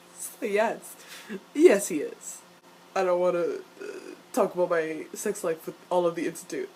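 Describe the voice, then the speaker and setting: A young woman reacting to a TV episode in a casual vlog, animated and profane, with frequent laughs. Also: medium pitch, moderate pace, a little hiss or hum. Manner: laughs often between lines.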